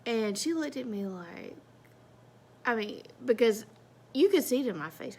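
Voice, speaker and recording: A woman's voice: a little high, lively intonation, unhurried, long pauses, a little mellow, slightly rough. A woman telling a personal story in a casual, chatty, self-mocking way.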